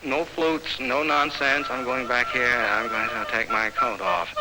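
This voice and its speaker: A man voicing a tired middle-aged railroad worker, the bossy head of the house, with a weary, scolding, drawn-out way of talking. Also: medium pitch, steady tone, heavy background noise, voice pushed up, lightly acted.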